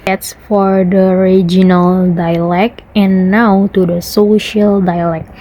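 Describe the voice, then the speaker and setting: Young woman, student presentation in English, slow and halting, mellow tone, fillers. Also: mid-range voice, little pitch movement, low-quality recording. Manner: halting, with frequent pauses and fillers; repeats example words to contrast them. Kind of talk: class presentation.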